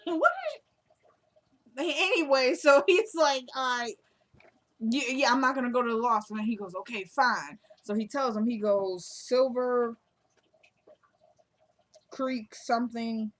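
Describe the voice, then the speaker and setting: A woman casually recaps a TV drama episode, telling the story in a chatty, loose way. She keeps slipping into the characters' lines with quick quoted asides. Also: on the high side. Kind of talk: casual recap, acting out dialogue.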